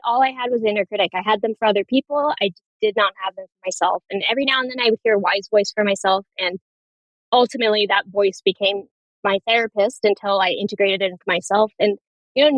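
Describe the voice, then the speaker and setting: A woman's voice: medium pitch, no room sound, rough recording. A woman nurse practitioner speaking as a podcast guest, candid and storytelling, laughing often in casual chat.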